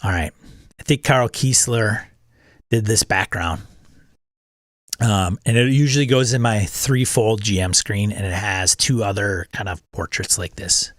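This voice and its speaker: A man's voice: on the low side, measured pace, no echo, clean studio sound. A man hosting a casual solo chat, rambling and often restarting his sentences. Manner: rambling, self-correcting, repeats words. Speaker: channel host. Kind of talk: casual solo chat about tabletop games.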